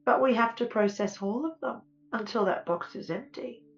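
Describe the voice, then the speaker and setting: A woman's voice: a little high, normal speed, highs cut off. A woman earnestly telling her own near-death experience, tearful at times and dwelling on her feelings. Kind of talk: emotional first-person testimony.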